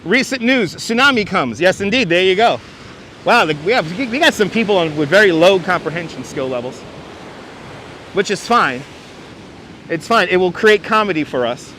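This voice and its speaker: Wry, bright-voiced man on a windy beach. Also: high-pitched, lively intonation, normal speed, pauses often. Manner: wry, joking, mock-announcer asides. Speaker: livestream host. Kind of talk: casual livestream chat reading viewer comments. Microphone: wireless clip-on mic. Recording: faint wind and surf noise.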